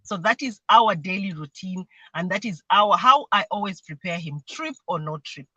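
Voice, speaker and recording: A woman's voice: mid-range voice, expressive, normal speed, pushed and bright, no room sound, low-quality recording. A woman speaking earnestly as a mentee on a livestream, explaining her family routines and sometimes imitating voices when she quotes people. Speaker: mentee sharing her experience. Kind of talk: livestream conversation. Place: remote video call.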